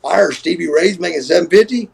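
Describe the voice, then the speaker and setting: A middle-aged man, a former wrestler, telling an animated, profane story and acting out what people said. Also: high voice, fast, over a noisy crowd, poor audio. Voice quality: gravelly, husky. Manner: animated, profane storyteller who acts out quoted voices. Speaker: guest, former pro wrestler. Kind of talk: casual storytelling on a live stream.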